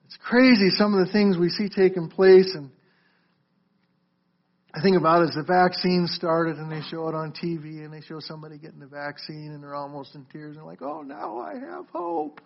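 A man's voice: a little high, level tone, normal speed. A man preaching a sermon as a pastor, earnest, calling listeners folks and often repeating words as he restarts. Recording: muffled lo-fi recording.

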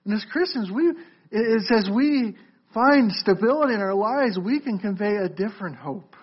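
On a muffled, lo-fi recording, a pastor with a husky, high-pitched voice and lively intonation preaches at a moderate pace. He's earnest, refers to listeners as "folks," and tends to repeat words as he starts over.

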